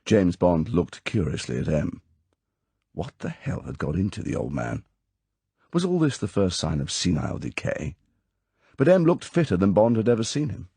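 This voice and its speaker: Deep gravelly male audiobook narrator. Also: no echo. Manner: measured, expressive storytelling. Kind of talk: scripted narration.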